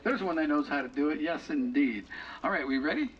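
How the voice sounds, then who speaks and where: A man working as auctioneer at an outdoor boat auction, calling bids quickly and joking with the crowd. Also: a little high, animated. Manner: rapid bid chant with playful crowd banter. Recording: distant, muffled, crowd around. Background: crowd chatter.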